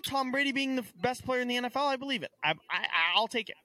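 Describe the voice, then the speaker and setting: A man's voice: very high-pitched, quick pace, hardly any pauses, pushed and bright, dry recording. A young man co-hosting a casual sports podcast, ranting in exasperation with stammered restarts. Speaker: podcast co-host.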